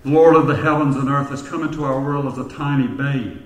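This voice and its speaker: A man's voice: medium pitch, steady tone. Male preacher, storytelling sermon delivery, long hall reverb. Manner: storytelling preacher, slowing for emphasis. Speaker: pastor.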